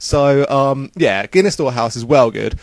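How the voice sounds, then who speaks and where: A man's voice: medium pitch, moderate pace, darkish tone, dry recording. A young man casually recounting a trip in a rambling, upbeat way, full of fillers. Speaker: vlogger. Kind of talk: casual travel vlog.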